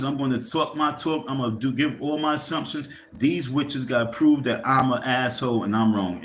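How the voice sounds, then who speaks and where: A man's voice: fairly low pitch, fairly bright tone, roomy sound, a little hiss or hum. A man hosting a livestream, ranting casually and profanely in a rambling, heated way and speaking directly to his viewers. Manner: addresses viewers directly, asks for likes. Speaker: livestream host.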